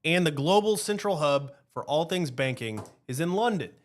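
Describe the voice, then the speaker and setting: A male podcast host with a high voice that swings widely up and down. He delivers heated political commentary in a restless, rhetorical way and keeps checking in with the listener. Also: moderate pace. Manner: animated, rhetorical, keeps asking "right?".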